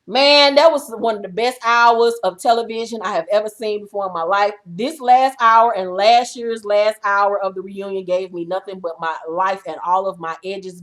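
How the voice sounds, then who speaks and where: A woman vlogger recapping reality TV in a brash, profane, trash-talking rant. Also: mid-range voice.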